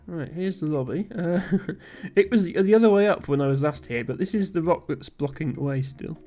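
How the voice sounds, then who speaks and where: A man's voice: on the high side, fairly quick, few pauses, mellow, faint music behind. A man streaming a video game live, thinking aloud with frequent ums and little chuckles.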